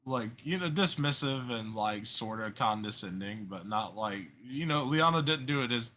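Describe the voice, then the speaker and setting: Bright-toned co-host man, blunt. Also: mid-range voice, lively intonation, normal speed, a little hiss or hum. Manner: blunt, swears freely. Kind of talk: casual reaction stream chat.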